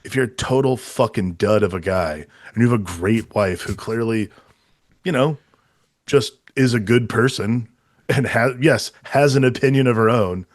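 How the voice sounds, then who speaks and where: A man co-hosting a movie podcast in loose, unscripted chat, rambling through his points with frequent fillers and casual swearing. His voice sits at an ordinary pitch, recorded close and dry with no room sound. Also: normal speed, no echo. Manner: rambling, profane, full of fillers and restarts. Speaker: podcast co-host.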